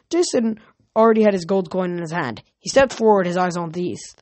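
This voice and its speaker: A woman reading a novel aloud at home in a plain, steady way, with small slips and restarts. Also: on the low side, fairly quick, dry recording. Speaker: reader.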